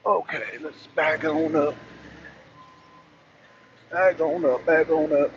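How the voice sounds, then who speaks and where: A man's voice: on the high side, flat delivery, slow. Chatty man streaming to his viewers. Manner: loose, chatty, talks to viewers and chat. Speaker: talk show host. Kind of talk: casual live-stream commentary. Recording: dull lo-fi stream with faint noise.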